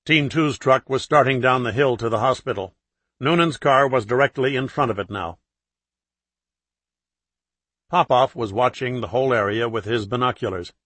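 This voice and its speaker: A man with a mid-pitched voice narrates a thriller audiobook. His reading is steady and measured. The recording is dry, with no room sound. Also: no room sound.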